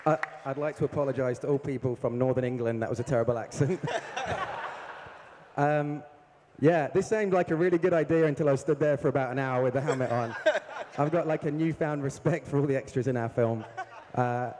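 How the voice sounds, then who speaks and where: A man's voice: mid-range voice, fairly quick, noisy background. A man asking a panel a question in a self-deprecating, joking way, laughing between lines. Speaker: film director. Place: large convention hall with audience. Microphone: handheld audience mic. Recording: echoey convention hall.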